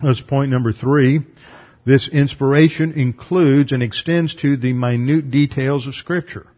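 Male Bible teacher, methodical, reads verses then explains, mid-pitched, dull lo-fi recording. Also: steady tone, measured pace. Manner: methodical, reads scripture aloud between explanations. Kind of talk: numbered Bible lesson.

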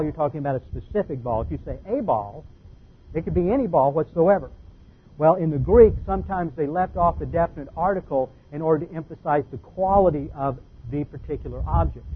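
A man with a somewhat high, husky voice teaches scripture in a methodical, explanatory way, leaning hard on key words. The sound is thin and tinny, as if heard over a phone line. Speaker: Bible teacher. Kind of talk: expository Bible teaching.

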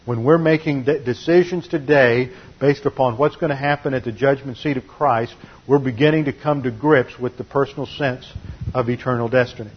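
A pastor delivering a methodical teaching sermon, laying out numbered points with steady emphasis. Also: male voice, mid-range voice, moderate pace, husky, lo-fi sound. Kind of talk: expository sermon.

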